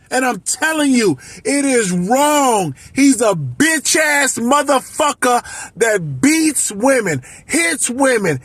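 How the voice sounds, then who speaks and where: A man in his fifties from Miami, a life coach, delivering an impassioned, profane, shouting monologue. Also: very high voice, sing-song, slow pace, no room sound. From Miami, United States. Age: 50s. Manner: shouting, profane, emotional ranting.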